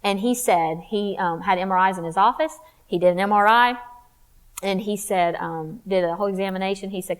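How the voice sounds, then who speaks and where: A woman's voice: mid-range voice, a little fast. A woman speaking at a women's church conference, sharing a personal testimony in a conversational, confiding way with emphatic rises.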